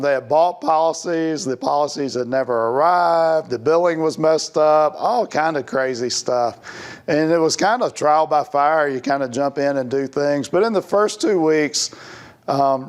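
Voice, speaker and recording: A man, a guest insurance agent, telling his story in a casual, animated way, rambling and laughing as he goes. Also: mid-range voice.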